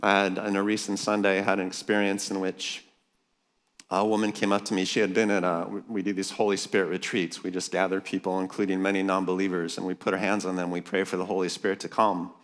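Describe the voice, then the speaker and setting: A man's voice: low-pitched, little pitch movement, quick pace. A man preaching a sermon to a conference crowd, emphatic and jokey, calling out for amens. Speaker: pastor speaking at a leaders' conference. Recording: long reverb of a large hall.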